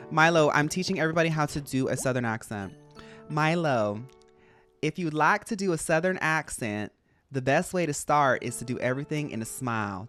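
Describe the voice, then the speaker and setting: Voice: mid-range voice, fairly bright tone. A streamer chatting casually while playing a game, rambling and playful, jumping from topic to topic. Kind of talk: casual gameplay stream chat.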